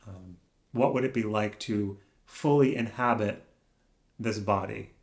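A man musing aloud alone in a room, soft-spoken and searching, speaking in halting phrases that trail off into pauses. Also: lowish voice, steady tone, creaky. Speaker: vlogger. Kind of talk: slow reflective musing.

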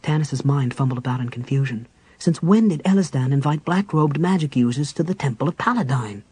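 Male audiobook narrator, breathy tone, steady storyteller pacing. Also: mid-range voice, a little fast, poor audio. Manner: even, storytelling delivery.

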